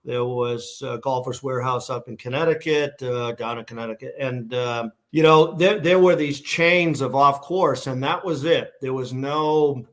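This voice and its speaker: A middle-aged man with a Boston accent recalls his career in an easygoing podcast chat. His pitch sits in the middle of the range, and he rambles, restarting sentences and leaning on fillers. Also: normal speed, few pauses. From Massachusetts, USA. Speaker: guest, shoe company founder. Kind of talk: casual interview storytelling.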